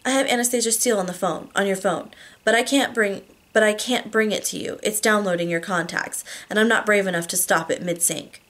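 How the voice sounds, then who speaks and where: A woman voicing a nervous young female office assistant who speaks quickly and apologetically. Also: medium pitch, fairly bright tone, lightly acted. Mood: flustered.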